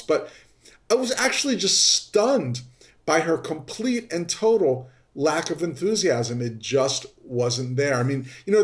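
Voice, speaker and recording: A man hosting a podcast, telling a story in an animated way and jumping high in pitch when he acts out his exasperation. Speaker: podcast host. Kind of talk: storytelling monologue. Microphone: podcast microphone.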